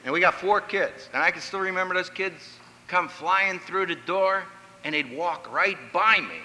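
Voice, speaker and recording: A man's voice: high-pitched, moderate pace, pushed and bright, big-room sound, poor audio. A man from Pennsylvania giving an emphatic, story-filled talk on family life, acting out the voices he quotes. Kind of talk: sermon-style lecture with stories.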